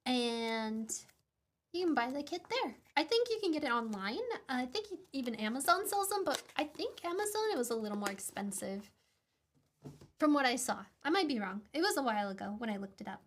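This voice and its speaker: Giggly high-voiced young woman streamer. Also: big pitch swings, brisk. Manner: giggly, rambling, self-mocking. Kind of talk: casual chat while soldering.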